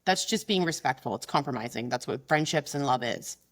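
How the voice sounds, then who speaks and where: A middle-aged woman talking bluntly and emphatically in a casual interview, quick and frank, slipping into mocking quoted voices. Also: a bass voice, lively intonation. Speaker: guest, business founder.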